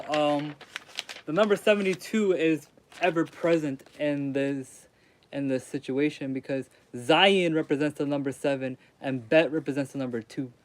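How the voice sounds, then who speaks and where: A young man streaming live, rambling casually as he reads and answers chat in slangy talk. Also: a little high. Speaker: streamer reading aloud. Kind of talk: casual livestream commentary.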